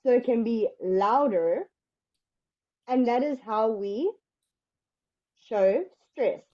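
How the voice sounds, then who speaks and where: A woman guides a student through an English lesson, speaking slowly and patiently. Her voice is mellow and fairly high. The sound is dry and a little dull. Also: dry recording. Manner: slow, patient explaining. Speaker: English teacher. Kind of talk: one-on-one online English lesson.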